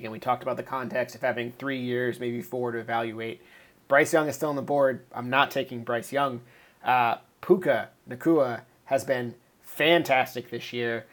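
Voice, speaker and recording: A man guesting on a podcast, weighing his choices aloud in a measured, casual way. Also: medium pitch, steady tone, fairly bright tone.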